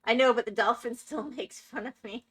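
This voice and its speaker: A Minecraft streamer talks at a moderate pace in a slightly high, slightly rough voice. She plays live while chatting casually with her audience and laughing frequently.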